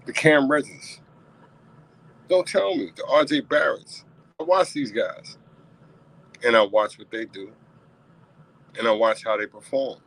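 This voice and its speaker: A man hosting his own unscripted sports talk stream, passionate and repetitive, his voice climbing toward near-shouting in rants. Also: medium pitch, measured pace, vocal fry, pauses often, poor audio. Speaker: talk show host.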